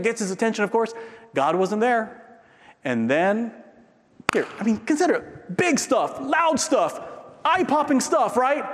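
A man preaching a sermon in a conversational way, tossing in "right?" and swinging from loud peaks down to a near-whisper. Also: on the high side, long reverb tail. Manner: frequent tag question "right?". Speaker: pastor.

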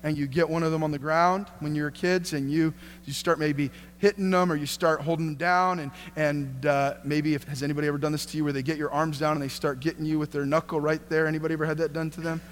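A middle-aged pastor preaches a sermon in a fairly high voice, stopping to restart his sentences and asking the congregation questions. The sound rings out in a large hall with long reverb, and a faint hum sits underneath. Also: little pitch movement, quick pace, few pauses. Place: church hall.

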